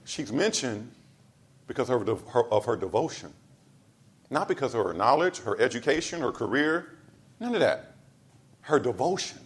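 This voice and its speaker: A pastor delivering a sermon, driving points home with repeated lines and swinging between loud emphasis and soft asides. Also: male voice, medium pitch, very animated, normal speed, pauses often. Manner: casual storytelling asides.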